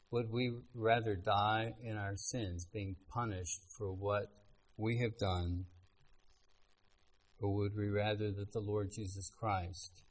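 A man delivers a sermon, reading scripture aloud with earnest, measured phrasing. His voice sits on the low side. He pauses to let the passages land. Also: poor audio. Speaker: preacher.

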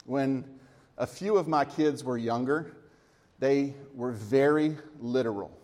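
A man's voice: mid-range voice, slow, darkish tone. Chatty storytelling man preaching. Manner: conversational storytelling with light humor. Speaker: church elder preaching. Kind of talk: sermon.

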